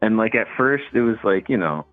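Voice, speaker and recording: A very low-voiced man calling in over a thin, tinny phone line. He tells his stories in a laid-back, rambling way, full of "like" and "you know." The line sounds dry and close. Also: animated, fairly quick, no room sound, soft background music. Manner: laid-back storytelling with fillers. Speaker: caller. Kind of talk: casual phone call.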